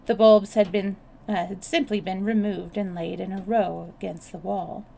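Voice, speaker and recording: A woman storyteller reading a novel aloud on a live stream, steady with small restarts. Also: medium pitch, moderate pace, gravelly.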